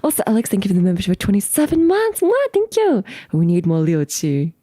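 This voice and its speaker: A woman streamer chatting casually with her viewers, giggling often and breaking into squealing high laughs, with a slangy way of talking. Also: sing-song, quick pace, dark tone, no room sound. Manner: talks to chat, slangy. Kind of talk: casual live-stream chat reacting to clips.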